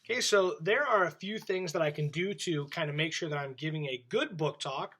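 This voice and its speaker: A man's voice: a little high, brisk, background noise. Friendly male teacher talking to children. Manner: clear, friendly teacher voice, talks straight to camera. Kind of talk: classroom video lesson for children. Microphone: camera in front of him.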